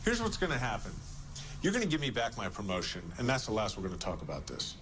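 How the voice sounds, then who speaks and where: Harvey, cocky lawyer. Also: male voice, on the low side, fast talker, a little hiss or hum. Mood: cold. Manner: cool, cutting, sarcastic, speaks in flat certainties. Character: arrogant, self-assured male star lawyer. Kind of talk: TV drama acting.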